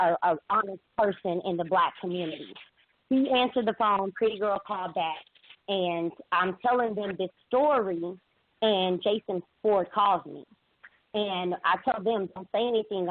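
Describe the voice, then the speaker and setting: A woman calling in to a talk show, telling her account haltingly with many restarts and fillers. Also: medium pitch, slight background noise. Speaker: caller. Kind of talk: emotional call-in account. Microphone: phone. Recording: tinny phone line.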